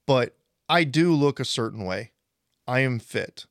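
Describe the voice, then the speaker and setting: Fit man in his forties, animated talker. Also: mid-range voice, a little slow, dry recording, clean studio sound. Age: 40s. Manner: animated storytelling, acts out quoted people. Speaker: podcast co-host. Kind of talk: casual podcast chat.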